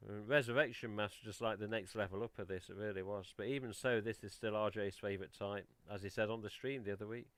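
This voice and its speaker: A man's voice: on the low side, steady tone, fast, hardly any pauses, a bit bright, no echo. A man with an English accent hosting a casual live stream, chatting and mildly swearing while he rummages through boxes on a headset mic. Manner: chatty, mild swearing, talks while handling items. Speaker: host of a collectors' live stream.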